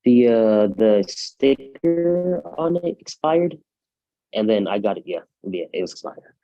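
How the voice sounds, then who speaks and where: A man answering a judge as a defendant in short, quiet replies. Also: mid-range voice, big pitch swings, unhurried, faint music behind. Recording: dull, lo-fi call audio.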